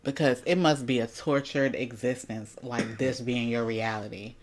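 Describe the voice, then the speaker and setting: A woman's voice: very deep voice, steady tone, normal speed. A woman hosts a reaction video in loose, casual commentary. She talks bluntly, swears freely and sounds indignant.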